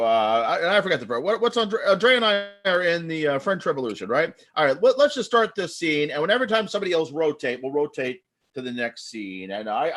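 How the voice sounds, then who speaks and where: A man hosting a live improv comedy show over a video call, talking in an excitable, rambling way. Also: fairly high pitch. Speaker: improv host.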